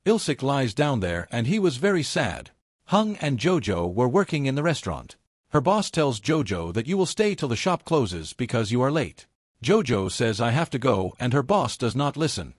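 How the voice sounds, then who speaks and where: Give me a male recap narrator with a lively, varied pitch, reading the quoted lines in his plain narrating voice. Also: normal speed, no echo, clean studio sound. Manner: reads quoted dialogue in the same plain narrating voice.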